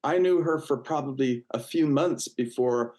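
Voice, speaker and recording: A man's voice: mid-range voice, normal speed, poor audio. A man in his sixties, a guest in a casual interview, telling stories in a chatty way with many fillers and restarts. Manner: warm, chatty, full of fillers and restarts, acts out quoted voices.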